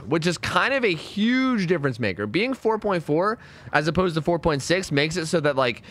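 Young man, casual gameplay commentary, joking, lively up-and-down delivery. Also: mid-range voice. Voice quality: animated, joking, talks to players on screen. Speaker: gaming streamer.

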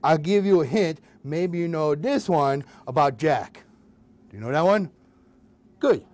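A man tells nursery rhymes as a children's puppeteer, sing-song and playful, chatting to his audience between verses. His voice sits high and moves a lot, at an unhurried pace. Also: lively intonation, a little mellow. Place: hospital closed-circuit TV studio.

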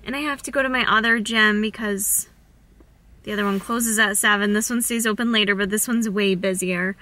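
A fitness vlogger in her twenties chats casually and upbeat to a handheld camera while running errands in her car, at the gym, and at home, saying "like" a lot. Her mid-range voice is sharp, a little fast, and fairly even in intonation.

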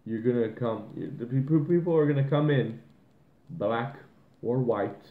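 A man's voice: medium pitch, measured pace, slight background noise. A man co-hosting a podcast, ranting in a heated, profane way and mocking the people he quotes. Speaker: podcast co-host. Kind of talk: ranting casual podcast talk. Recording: tinny phone-like line in an echoey room.

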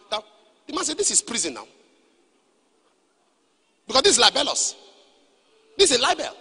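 A man preaching a sermon, acting out quotes and rising into shouts. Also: extremely high pitch, huge pitch swings, normal speed, gravelly, pauses often, breathy edge. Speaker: pastor. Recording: long hall reverb.

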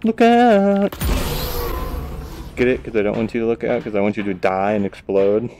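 A tired man giving goofy gameplay commentary into a VR headset, with excitable outbursts between quiet mutters. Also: lowish voice, fast talker. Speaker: gamer.

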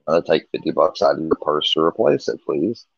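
A man with a deep, low-pitched voice tells a long personal story in a loose, rambling way. He restarts often and acts out the back-and-forth. The sound is dry and dull, like lo-fi stream audio. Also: expressive, fairly quick, gravelly, breathy edge, dry recording. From Missouri. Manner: candid, rambling, with many restarts and quoted dialogue. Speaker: guest telling a personal story. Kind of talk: casual storytelling on a livestream.

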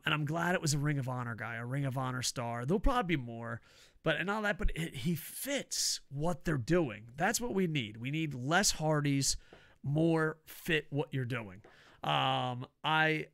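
A man's voice: a little high, gravelly, pushed and bright, no room sound, clean studio sound. A middle-aged man, hosting a casual wrestling review and rambling through profane, laughing stories. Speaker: podcast host.

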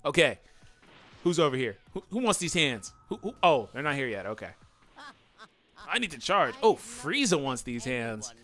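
A man doing let's play commentary, excitable and yelling taunts at his opponents over faint game music. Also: medium pitch, moderate pace. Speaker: gaming channel host.

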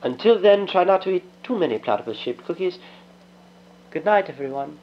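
A man's voice: high-pitched, animated, brisk, over music. A man voicing August Plum, a formal, genial old-time radio announcer signing off. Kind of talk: vintage radio sign-off. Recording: dull lo-fi radio sound.

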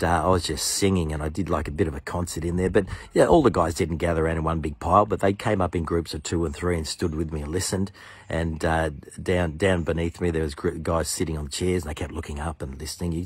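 A middle-aged pastor with a very low, husky voice tells his testimony with earnest enthusiasm. He brings other people's lines to life in his own voice. The sound is dry and close, with no room echo. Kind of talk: personal testimony storytelling.

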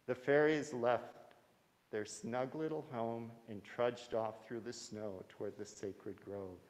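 A man reading a children's story aloud at a church service, gentle and measured. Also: medium pitch, steady tone, long reverb tail. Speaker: story reader. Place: church sanctuary.

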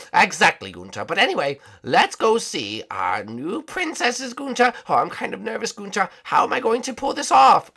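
A woman's voice: medium pitch, sing-song, moderate pace, vocal fry, few pauses, a bit bright, husky. A woman hosting a playful game role-play, chatting with her pet sidekick. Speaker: gaming channel host.

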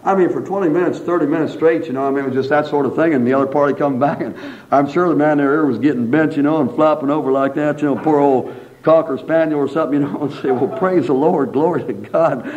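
Man preaching, folksy and animated, fairly high voice, dull lo-fi recording. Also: brisk. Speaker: pastor. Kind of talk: sermon.

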